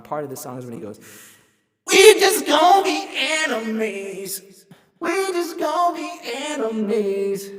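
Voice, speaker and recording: A man's voice: on the high side, big-room sound. A man hosting a casual livestream. He rambles, reads out the chat and pokes fun at himself. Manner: rambling, self-deprecating, reads chat aloud. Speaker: livestream host.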